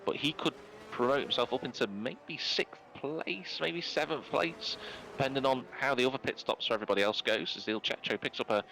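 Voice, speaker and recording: A man giving live play-by-play commentary on a sim racing league, brisk and rising in pitch when incidents happen. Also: creaky, pushed and bright, a little hiss or hum, low-quality recording. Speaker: race commentator. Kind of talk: live esports race commentary.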